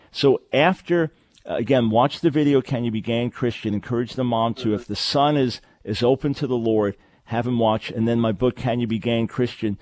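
A man's voice: medium pitch, moderate pace, darkish tone, no room sound. A man hosting a call-in radio show, talking in an earnest, emphatic way and repeating phrases for stress. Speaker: radio talk show host. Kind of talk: call-in radio advice and announcements.

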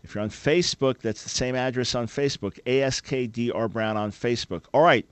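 A man's voice: medium pitch, brisk, smooth, dry recording. Earnest, emphatic male radio host. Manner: emphatic, earnest preacher-like delivery. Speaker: radio talk show host. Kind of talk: call-in radio talk.

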